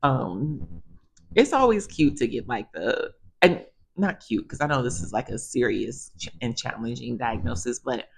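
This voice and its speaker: A woman physical therapist telling stories in a chatty, animated way, addressing viewers casually. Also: a bass voice, moderate pace, creaky, husky. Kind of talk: casual storytelling monologue.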